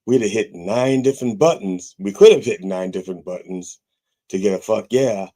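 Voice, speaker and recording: A man's voice: fairly low pitch, normal speed, warm tone. A man hosting as a comic reverend, delivering a parody sermon in a rambling, profane preaching manner.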